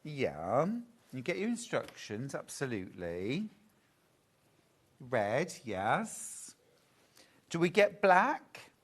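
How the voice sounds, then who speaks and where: A man's voice: mid-range voice, very animated, drawn-out words, pauses often, breathy edge. A man hosting a live craft shopping show in a TV studio, chatty and upbeat. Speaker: shopping channel host.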